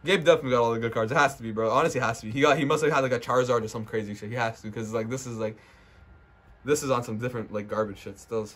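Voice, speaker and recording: A man's voice: mid-range voice, rapid-fire. Brash, foul-mouthed young man opening cards. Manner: profane, brash trash-talk; excitable, swings into loud hype. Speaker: card-opening vlogger. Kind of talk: casual unboxing commentary. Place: indoors at someone's house.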